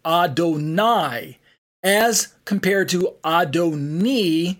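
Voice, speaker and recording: Man teaching Bible study, halting reader. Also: on the high side. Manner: reads aloud with frequent fillers and restarts. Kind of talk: online Bible study lecture.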